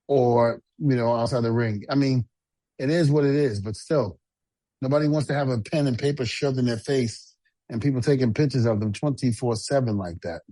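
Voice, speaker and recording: A blunt middle-aged man co-hosting a casual podcast chat, often repeating words as he goes. His voice sits at an ordinary pitch and is recorded dry, with little room sound. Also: warm tone, no room sound. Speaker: co-host and retired wrestler.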